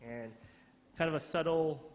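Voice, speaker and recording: A man leading a prayer and reading church announcements, earnest and slightly halting. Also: on the high side, slight background noise. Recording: reverberant church hall with soft music.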